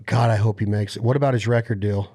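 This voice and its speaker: A man's voice: fairly low pitch, fast talker. A man hosting a podcast, chatting casually and telling stories with lots of enthusiasm. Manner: enthusiastic, animated storyteller. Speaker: podcast host. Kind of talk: casual interview chat.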